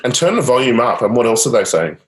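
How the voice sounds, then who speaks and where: A man's voice: mid-range voice, sing-song, fast talker. A man guiding a client through a coaching session, upbeat and encouraging, with casual fillers. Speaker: change coach. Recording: roomy echo.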